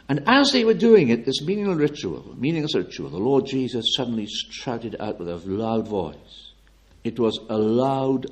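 A man preaching a sermon with fervent, declamatory delivery, swinging from loud emphatic peaks to low, quiet appeals.

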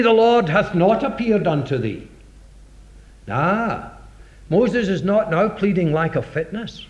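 Dramatic high-voiced preacher, lo-fi. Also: male voice. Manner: dramatic, rhetorical, acts out voices of scripture. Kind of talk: sermon. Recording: dull lo-fi recording.

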